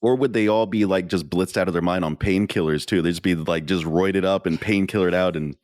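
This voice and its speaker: A man's voice: low-pitched, fairly quick, darkish tone, no room sound, studio quality. A man co-hosting a podcast, chatting casually in a laid-back, profane way and laughing often. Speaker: podcast co-host. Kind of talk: casual chat.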